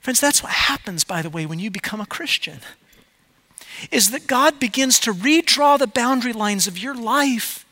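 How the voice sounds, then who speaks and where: High, bright-voiced preaching man. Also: animated, moderate pace. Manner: emphatic preaching, swings between loud urging and quiet storytelling. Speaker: pastor. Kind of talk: sermon.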